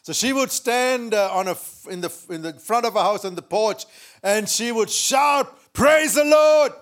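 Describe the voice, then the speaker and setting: A man preaching a sermon, telling a story with shouted quotes and frequent laughter. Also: sits high, moderate pace. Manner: lively, laughs often, shouts quoted lines. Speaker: pastor.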